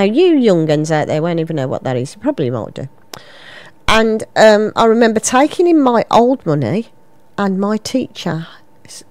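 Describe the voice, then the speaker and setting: A woman in her fifties from England, presenting a local radio show with lively, self-mocking, rambling chat into a studio microphone. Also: medium pitch, dry recording. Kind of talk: chatty local radio banter.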